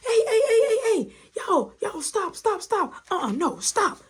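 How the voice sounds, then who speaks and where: A woman's voice: sing-song, measured pace, exaggerated voice. A woman shrieking as a frantic angry mother. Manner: shrill, frantic yelling.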